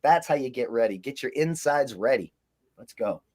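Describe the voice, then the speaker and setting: A man's voice: mid-range voice, lively intonation, moderate pace, a little mellow. Profane storytelling man. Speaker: co-host. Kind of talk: casual chat.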